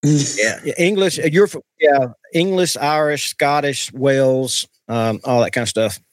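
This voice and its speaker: A man's voice: medium pitch, measured pace, dry recording. A man co-hosting a podcast in casual chat, rambling with many fillers. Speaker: podcast co-host.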